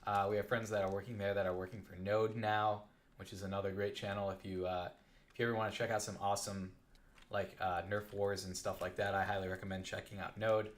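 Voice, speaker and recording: Low-voiced young male streamer, chatty and rambling, telling stories mid-game. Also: a little fast. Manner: rambling and animated. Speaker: gaming live streamer. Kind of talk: casual storytelling while playing.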